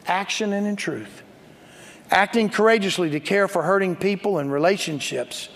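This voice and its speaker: A man's voice: high voice, creaky, a bit bright. A man preaching a sermon as pastor, emphatic and calling for responses from the congregation, with joking storytelling asides. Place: church sanctuary. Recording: long hall reverb.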